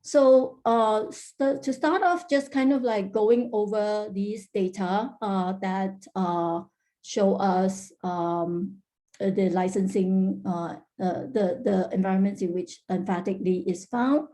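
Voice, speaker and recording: A woman's voice: mid-range voice, steady tone, slow, dark tone. A woman presenting linguistics research at an online workshop, explaining carefully with many hesitations and fillers. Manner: frequent "uh" fillers and restarts, careful explanatory delivery. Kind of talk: academic conference presentation.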